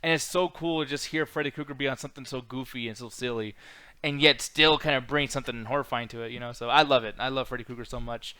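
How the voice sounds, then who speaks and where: A man co-hosting a casual live-stream chat, excitable and profane, laughing often. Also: medium pitch, quick pace, smooth, no echo. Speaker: podcast co-host.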